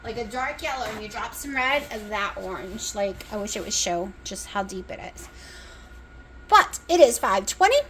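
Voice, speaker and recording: A woman's voice: mid-range voice, fairly even intonation, moderate pace, few pauses, a bit bright, a little hiss or hum, poor audio. A woman with a Southern US country accent, chatting casually and rambling as she cooks, sounding exhausted. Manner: chatty, rambling, talks with mouth full at times. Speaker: cooking vlogger. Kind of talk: casual chat while cooking. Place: home kitchen, indoors. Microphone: phone.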